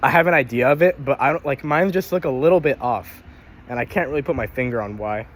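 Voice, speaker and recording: A man's voice: mid-range voice, fast, a little hiss or hum. A young man vlogging casually about his day, rambling and swearing, tired and a little out of breath while walking. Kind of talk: casual daily vlog.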